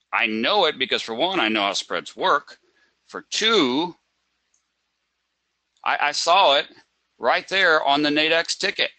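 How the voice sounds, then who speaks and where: Man trading instructor, very bright forceful voice, dry close mic, animated, rhetorical questions. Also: fairly high pitch, no room sound, poor audio. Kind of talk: live trading webinar.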